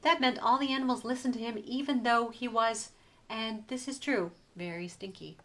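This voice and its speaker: Woman, picture-book read-aloud, sing-song, expressive, higher voice. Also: moderate pace, a little hiss or hum. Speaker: museum educator. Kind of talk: reading a picture book aloud to young children.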